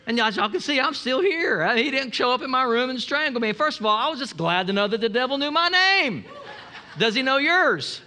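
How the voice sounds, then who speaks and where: A man with a high, bright voice preaches to his congregation. He talks in an animated way, breaks into asides and acts out little quotes. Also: fast talker. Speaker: pastor. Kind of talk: sermon.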